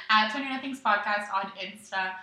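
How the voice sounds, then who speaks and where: A woman's voice: mid-range voice, normal speed, pushed and bright. A young woman in her twenties co-hosting a podcast, chatting casually with a wry, self-mocking humor. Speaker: podcast co-host. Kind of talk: casual chat. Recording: echoey room.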